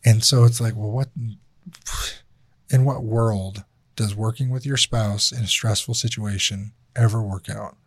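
A man's voice: on the low side, fairly even intonation, unhurried, husky, no room sound, clean studio sound. Blunt, swearing male podcast host. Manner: blunt, candid, swears freely. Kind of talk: casual podcast chat.

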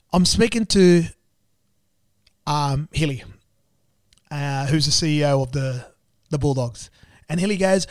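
Aussie guy spinning a yarn, high-ish voice, lots of repeating, dry close sound. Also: dry recording. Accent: Australian. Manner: animated, repetitive, acts out dialogue. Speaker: business owner and club sponsor. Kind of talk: storytelling in conversation.

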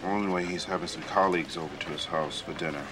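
A man's voice: low-pitched, fairly even intonation, fast, crowd noise, natural voice. An actor playing a stern, proud male surgical resident who talks in clipped, curt replies. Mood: awkward. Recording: TV drama clip with hospital bustle.

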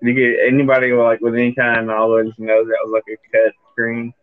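A man's voice: mid-range voice, monotone, a little fast, dry recording. A man co-hosting a casual podcast, rambling and hesitating with lots of "uh" and "like" while recapping wrestling. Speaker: podcast co-host. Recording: tinny phone-like call audio.

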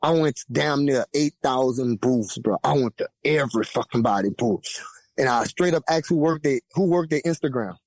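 A young man from Louisiana with a Louisiana accent, telling a profane, lively story as a podcast guest and acting out the voices of the people in it. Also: moderate pace, no echo. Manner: lively, profane, acts out quoted voices with big pitch jumps. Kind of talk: animated storytelling.

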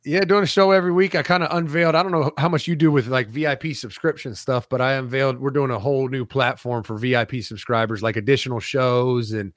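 Thirties male ex-coach guest; mid-pitched, plain-spoken, dry and salty. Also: fairly even intonation, quick pace, few pauses, no echo. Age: 30s. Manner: blunt, profane, dry. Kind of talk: casual streamed chat.

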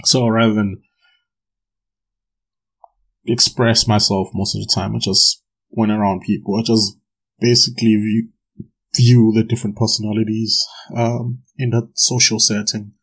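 This young podcast host from South Africa drinks gin through a casual solo rant full of swearing, laughter and restarts. His voice is on the low side, level and a little slow, a bit bright with a breathy edge, pausing often, on a rough recording.

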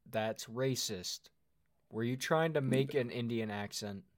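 A man's voice: medium pitch, a little slow, no room sound, clean studio sound. A man co-hosting a podcast in casual chat, rambling and hedging as he talks. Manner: rambling, hedging, self-interrupting. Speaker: podcast co-host.

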